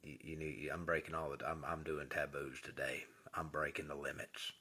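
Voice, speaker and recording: A man's voice: a bass voice, flat delivery, moderate pace, pushed and bright, husky. A man giving an earnest, casual spiritual monologue as host, often dropping to a whisper for emphasis.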